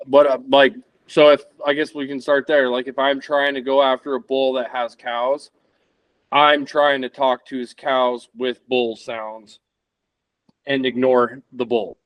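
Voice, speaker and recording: A man's voice: medium pitch, flat delivery, unhurried, no echo. A man in his thirties, a podcast guest talking casually and rambling as he searches for words. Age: 30s. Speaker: podcast guest, elk hunter.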